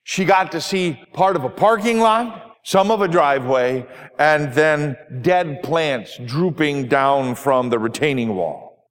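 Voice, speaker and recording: A pastor delivering a sermon, easing into a story with gentle, measured storytelling. His voice is fairly high for a man, and the sound trails off in a long hall reverb.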